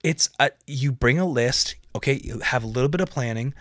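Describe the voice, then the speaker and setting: Brief: young man ranting casually on his podcast, cursing and wandering off topic, in a dry, mid-pitched voice. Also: a little fast, a bit bright, no room sound. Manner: profane, rambling, easily sidetracked. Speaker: podcast host.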